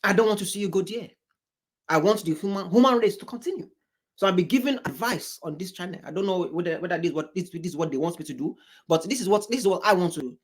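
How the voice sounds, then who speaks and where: A man's voice: high voice, animated, fast. A man from Africa giving casual reaction commentary, rambling and repeating himself with exasperated asides. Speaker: commentator reacting to a debate show.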